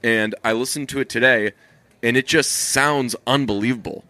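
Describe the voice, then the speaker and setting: A young man co-hosting a podcast in casual chat, rambling and swearing freely with deadpan teasing. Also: medium pitch, normal speed, no echo. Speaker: podcast co-host.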